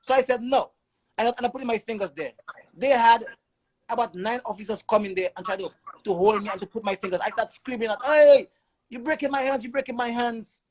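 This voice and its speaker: A man's voice: very high voice, fast, rough recording. A man telling his own story as a father in an emotional testimony, urgent and repeating words in long stammering runs.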